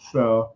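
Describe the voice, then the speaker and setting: A young man chatting casually as a streamer, rambling and excitable with many restarts. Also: dull audio, a little hiss or hum. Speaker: streamer and fandom volunteer. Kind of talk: casual chat.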